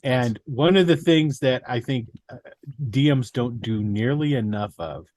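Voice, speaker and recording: Male co-host, mid-pitched, paints scenes with pauses, close sound. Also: animated, darkish tone, no room sound. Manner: builds a scene step by step, dramatic pauses. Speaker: podcast co-host. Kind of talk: casual chat about tabletop games.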